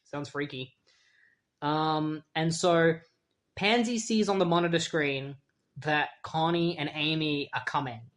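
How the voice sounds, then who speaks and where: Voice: medium pitch, slow pace, a bit bright. A comic book reviewer giving a casual, chatty recap full of fillers and wry asides.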